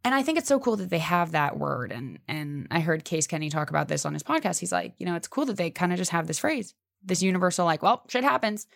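A woman's voice: fast, gravelly, no room sound, studio quality. A young woman hosting a casual motivational podcast, talking emphatically and swearing casually. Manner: emphatic, swears casually, animated pitch jumps. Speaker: podcast host.

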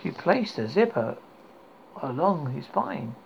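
A man hosting a horror podcast, reading a dark story aloud with stumbles and restarts. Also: a little high, very animated, takes it slowly, vocal fry. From United Kingdom. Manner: stumbling, self-correcting reading. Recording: dull lo-fi recording with faint hiss.

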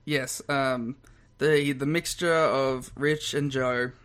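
A young man co-hosting a podcast in casual banter, laughing often and throwing in quick asides. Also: mid-range voice, fairly even intonation, a bit bright, clean tone. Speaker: podcast co-host.

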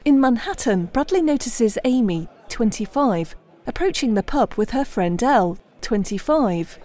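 A woman narrates a comedy audio drama in scripted narration with a lively, bouncing pitch. Her voice is fairly high and mellow. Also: unhurried.

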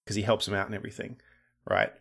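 A man's voice: lowish voice, flat delivery, quick pace, creaky, a bit bright, breathy edge. A man in casual conversation about movies, laughing often and acting out quoted lines. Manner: laughs often, tells theories with mock quotes.

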